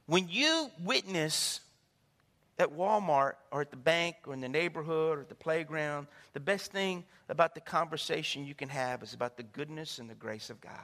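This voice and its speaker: Animated preacher man in an echoey hall. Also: on the high side. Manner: animated, calls out to the congregation, acts out the people in his stories. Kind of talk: sermon with storytelling. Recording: echoey hall with long reverb.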